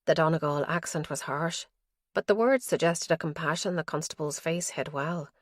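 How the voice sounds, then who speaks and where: Low-voiced woman reading an audiobook. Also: moderate pace, no room sound, studio quality. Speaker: audiobook narrator. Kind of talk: scripted narration.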